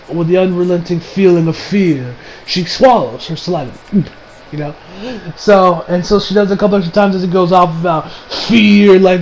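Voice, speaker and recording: High-voiced man rambling through a recap. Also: darkish tone, a little hiss or hum, low-quality recording. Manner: rambling, profane, self-correcting. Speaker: anime reviewer. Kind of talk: casual episode recap.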